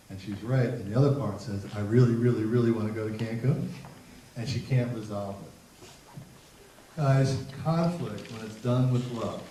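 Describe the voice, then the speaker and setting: Man giving a seminar in a big echoing hall. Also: medium pitch. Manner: animated storytelling, acting out voices. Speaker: psychologist giving a parenting seminar. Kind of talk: humorous seminar talk. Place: large hall with an audience. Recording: roomy, distant, noisy hall recording.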